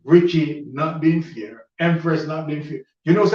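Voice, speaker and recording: A man's voice: on the high side, fairly even intonation, normal speed, few pauses, a little mellow. A man hosting a casual live show, bantering playfully and protesting teasing. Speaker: host. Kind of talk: casual chat. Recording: echoey, distant, dull audio.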